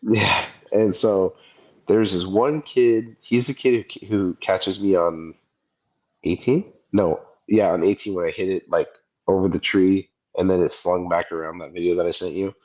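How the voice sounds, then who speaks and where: Low-voiced man telling a golf story. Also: measured pace, dull audio. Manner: animated storyteller, acts out quoted voices. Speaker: podcast co-host. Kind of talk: casual chat, storytelling.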